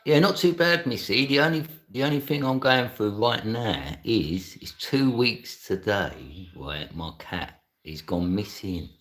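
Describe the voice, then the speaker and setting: With a lowish, slightly bright voice and lively intonation, a middle-aged man talks a little slowly and rarely pauses. He's casually chatting on a live stream, laughing often as he goes through and replies to his chat.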